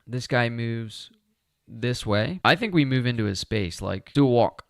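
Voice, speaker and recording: A man's voice: medium pitch, animated, measured pace, vocal fry, no room sound, clean studio sound. A man talking himself through a solo board game playthrough, chatty and upbeat as he explains each move.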